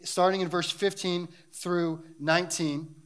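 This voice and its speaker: A man's voice: sits high, fairly even intonation, a little slow, smooth. A man preaching a sermon and reading scripture, talking in an earnest, emphatic way that builds in intensity.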